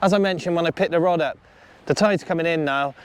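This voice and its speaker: A man's voice: on the high side, fast, clean tone. A man hosting a fishing vlog, chatting casually and upbeat as he gives friendly advice outdoors on a beach. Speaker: angler and channel host.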